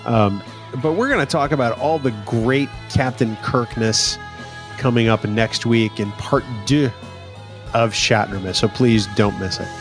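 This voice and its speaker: A man's voice: mid-range voice, a little slow, over music. A man co-hosting a podcast in casual chat, teasing his partner and laughing often. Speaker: podcast co-host.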